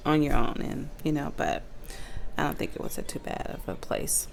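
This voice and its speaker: A woman with a low, gravelly voice talks slowly and softly off to the side of a phone video. There is a faint hiss of background noise. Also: animated. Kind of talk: casual chat off to the side.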